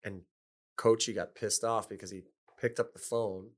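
Middle-aged ex-player, lowish voice, loose and chuckling storyteller. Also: male voice, steady tone, normal speed. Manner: anecdotal, chuckling, loose fillers. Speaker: former pro hockey player, guest. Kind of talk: casual storytelling chat.

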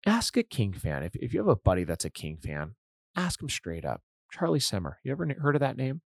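A man's voice: medium pitch, wildly swooping pitch, a little fast, creaky, no room sound. A man hosting a casual hockey podcast, an enthusiastic fan who rambles and restarts his sentences. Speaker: podcast host.

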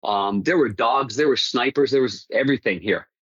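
A man's voice: medium pitch, normal speed, fairly bright tone, breathy edge, no echo, lo-fi sound. A man, a hockey broadcaster, recounting stories casually in an interview, with frequent restarts and laughter. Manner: rambling, many restarts, laughs at own stories.

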